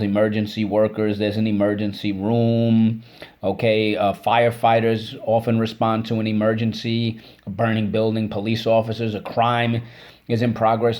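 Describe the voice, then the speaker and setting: A man's voice: lowish voice, darkish tone. A man teaching a spelling and phonics lesson, encouraging and repeating each word for students to say back.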